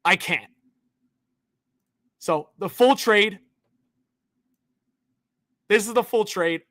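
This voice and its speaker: A man hosting a hockey livestream, ranting casually with slang and swinging between muttering and shouting in disbelief. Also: high voice, drawn-out words, no echo, studio quality. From Canada. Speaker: hockey YouTube livestream host. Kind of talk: live-stream hockey rant.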